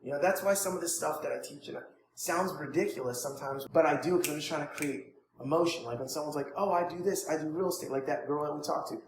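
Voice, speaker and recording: Energetic male sales coach, echoey room. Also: a little high, fast, a little hiss or hum. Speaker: network marketing trainer. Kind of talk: coaching students, informal training. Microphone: phone. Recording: echoey room, faint ambience, phone recording.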